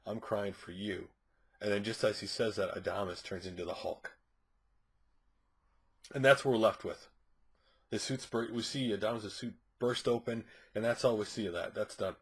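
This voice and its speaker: A man's voice: lowish voice, moderate pace, husky. A man reviewing a comic book issue, recapping the plot casually in a rambling way with frequent fillers and restarts.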